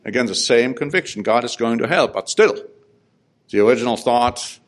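A man's voice: mid-range voice, expressive, moderate pace. A man preaching a sermon who reads psalms aloud and explains them, with his voice rising on the pleas. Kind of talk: sermon with scripture reading.

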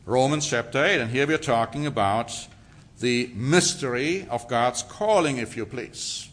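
Male preacher, bright, forceful voice, emphatic sermon delivery, rhetorical questions. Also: mid-range voice, a little slow. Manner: emphatic, rhetorical questions, reads scripture aloud.

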